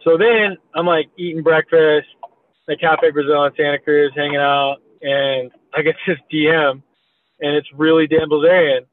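A man's voice: fairly high pitch, fairly even intonation, moderate pace, no echo. A man in his thirties telling a story in a rambling, profane way, packed with "like" and "you know". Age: 30s. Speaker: meme creator guest. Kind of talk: casual storytelling in a podcast chat. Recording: tinny phone-like audio.

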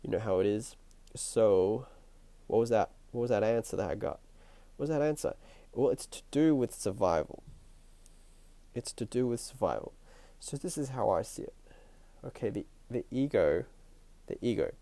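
A man hosting his own podcast with a stuffy, nasal voice and a croaky throat, musing in a reflective spiritual monologue and repeating his phrases as he thinks aloud. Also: on the low side, animated, normal speed, long pauses, mellow, dry recording. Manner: musing, repeats phrases, chuckles between thoughts. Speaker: podcast host. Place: at home at night.

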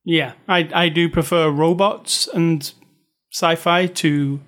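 A man's voice: on the high side, fairly even intonation, slow, a bit bright. A man hosting a movie review podcast, chatting casually and joking with his co-host. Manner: chatty, joking, reads aloud with dramatic stress. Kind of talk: casual chat.

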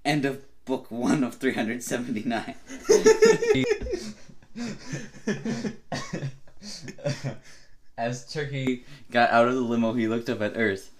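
A man's voice: medium pitch, huge pitch swings, takes it slowly, long pauses. A man reading silly fan fiction aloud on a comedy podcast, laughing often as he reads. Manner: keeps breaking into laughter mid-read. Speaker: podcast co-host.

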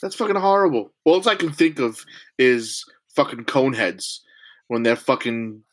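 A man co-hosting a podcast in casual chat, blunt and heavy on profanity, quick to get worked up. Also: medium pitch. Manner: blunt, profane, easily riled.

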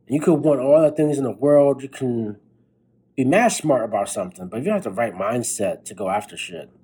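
Late at night and tired, a young man hosting a podcast launches into a blunt, profane, fired-up motivational monologue. His mid-range voice is fairly quick, mellow, and slightly rough, and the recording quality is low.

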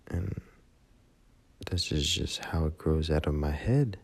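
Drunk man, very low voice, gravelly, husky, slow, profane rambling into a phone memo. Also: a little mellow.

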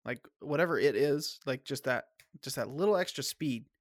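A man hosts a casual sports podcast and argues his picks firmly, stumbling and restarting as he goes. He has a slight cough. His voice is mid-pitched and sits close and dry on the mic. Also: expressive, no echo. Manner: opinionated, halting with restarts. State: coughing, clearing throat. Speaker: podcast host.

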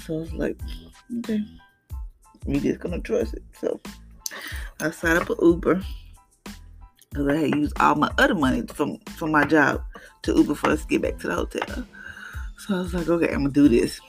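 A mother sharing an emotional personal testimony, halting and earnest, close to tears, with many restarts and repeated words. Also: low voice, creaky, faint music behind.

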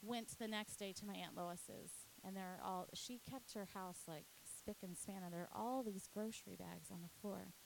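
A woman's voice: medium pitch, steady tone, normal speed, vocal fry, few pauses, slight background noise, rough recording. A woman, a youth pastor, earnestly telling a personal faith testimony, at times emotional. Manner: earnest storytelling, often emotional.

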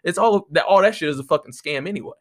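Male podcast host, slightly higher voice, close-miked, cussing and ranting in an animated way. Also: fast. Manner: profane, animated, exasperated. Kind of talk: casual ranting monologue. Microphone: close to the microphone.

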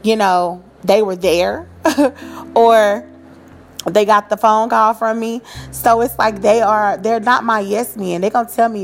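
A woman's voice: mid-range voice, measured pace, soft background music. A woman in her thirties hosting a podcast, talking in an encouraging, preachy way with casual slang. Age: 30s. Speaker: podcast host. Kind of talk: motivational podcast monologue.

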